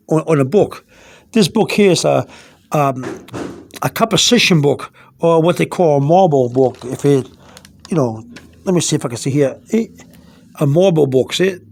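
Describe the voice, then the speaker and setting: A man casually showing his study notebook at home, rambling through each step as he does it, filmed on a phone held over the page. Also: high voice. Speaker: self-taught language learner. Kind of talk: casual show-and-tell.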